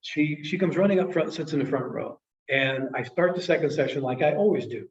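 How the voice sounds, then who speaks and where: A man's voice: a little high, fairly quick. A man in his late fifties, a sales trainer telling an emotional story to a class in an earnest way. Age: 50s. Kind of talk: storytelling presentation. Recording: echoey, distant, dull room sound.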